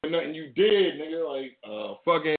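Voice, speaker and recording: A man's voice: a little high, animated, moderate pace, a little hiss or hum. A man hosting his own show, ranting casually in loose slang with lots of swearing. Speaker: show host. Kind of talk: casual rant to camera. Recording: tinny phone-like audio.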